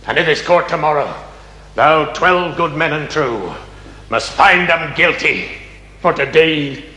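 An actor playing a stern county magistrate who speaks to a jury in a declamatory, questioning manner, from a 1970s television drama. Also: male voice, on the high side, lively intonation, a little slow, pushed and bright. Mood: impassioned. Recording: echoey reverberant old film sound.

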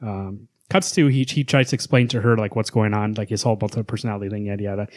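A man's voice: on the low side, steady tone, fast talker, a little mellow, no room sound, studio quality. A man co-hosting a podcast, chatting casually as he recaps a comic and acts out lines from its panels. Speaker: podcast co-host.

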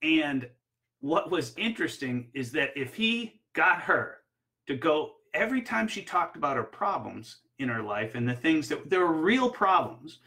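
Bright-voiced barefoot ski coach. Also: male voice, on the high side, rough recording. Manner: energetic, anecdotal, with frequent fillers. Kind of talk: instructional talk with personal stories.

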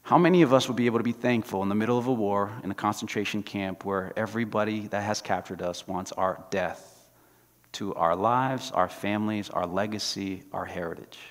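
In an echoing church sanctuary, a male pastor preaches with animation, his voice fairly low and his delivery a little fast. He acts out the voices he quotes as he tells his stories, and the hall's long reverb lingers on everything.

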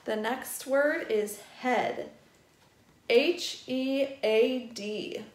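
A woman teaching a first grade vocabulary lesson at a distance, spelling each word out slowly and explaining it gently for young children. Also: fairly high pitch. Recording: echoey room.

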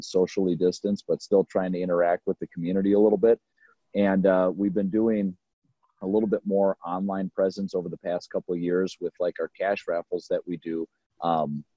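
Low husky-voiced man, dull call audio. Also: mellow, no echo. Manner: filler-heavy, practical explaining. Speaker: fire department officer. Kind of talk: video call panel discussion.

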